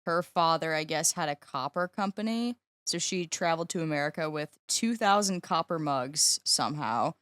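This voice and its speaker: A woman's voice: sits low, animated, normal speed, few pauses, a bit bright, no echo. A woman chatting as a podcast co-host, speaking in a hesitant, thoughtful way with lots of fillers. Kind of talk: casual chat.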